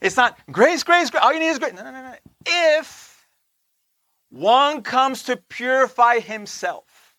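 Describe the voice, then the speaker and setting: A man giving a conversational sermon, often checking in with listeners with "right?", slowing down on key points and dropping into soft asides. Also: very high voice, expressive, dry recording. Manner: slows down to stress points, laughs between lines. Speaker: teacher of a Torah portion.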